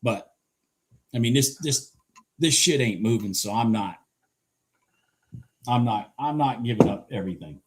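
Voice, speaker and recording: A man doing live commentary on his day trades, hoarse and clearing his throat, cheering the chart on and swearing casually. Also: mid-range voice, animated, unhurried, long pauses, a little hiss or hum.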